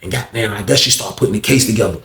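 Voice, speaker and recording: A man's voice: lowish voice, very fast, fairly bright tone. A man telling a story to his viewers in a casual, slangy and profane way. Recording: roomy echo.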